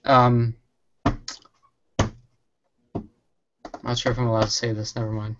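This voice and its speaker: A man joining a casual review chat over his computer mic, quick and excited, rushing through his sentences. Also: medium pitch, lo-fi sound, very noisy. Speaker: show panelist. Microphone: computer mic on an online call.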